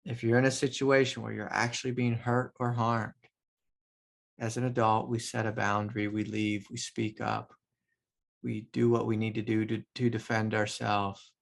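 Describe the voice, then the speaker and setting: Man, spiritual teacher, gravelly voice, relaxed reflective talk, lots of "like", soft laughs. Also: on the low side, moderate pace.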